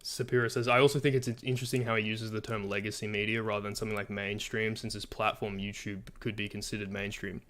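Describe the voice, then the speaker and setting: A man, not from America, giving halting commentary on a video, full of fillers and restarts. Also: fairly low pitch, flat delivery, a bit bright. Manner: hesitant, many fillers and restarts. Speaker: commentary channel host.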